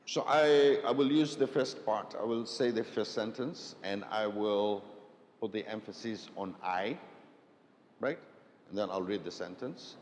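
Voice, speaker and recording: A man leading a live public speaking workshop, asking the audience questions and often checking in with "right?". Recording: echoey hall with faint rumble.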